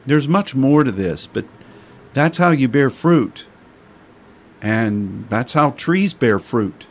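A man's voice: medium pitch, animated, slow. A middle-aged man preaching a sermon in a folksy, homespun way.

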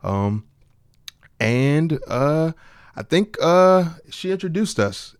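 A man guesting on a casual podcast, talking in a relaxed, halting way with plenty of fillers. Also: a little high, clear, resonant tone, no room sound. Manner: easygoing, halting, many fillers and laughs. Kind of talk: casual chat.

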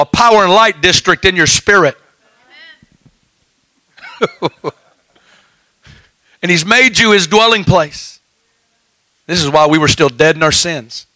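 A man preaching a sermon, telling stories in a folksy way with lively asides. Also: sits high, no echo, poor audio.

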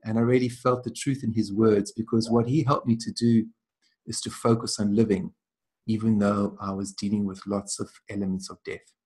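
A man being interviewed as a traditional healer, telling reflective stories in a thoughtful, measured way. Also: fairly low pitch, level tone, darkish tone. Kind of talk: reflective storytelling.

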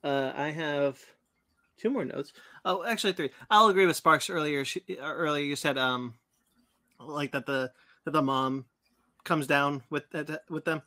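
Bright-voiced man sharing film notes. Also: a little high, a little slow. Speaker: podcast co-host. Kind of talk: casual film discussion.

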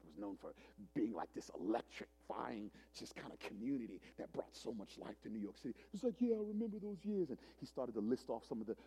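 A pastor in his forties with a lowish, husky voice preaches a sermon, telling a story dramatically as he swings between loud preaching and hushed retelling. A long hall reverb trails his words.

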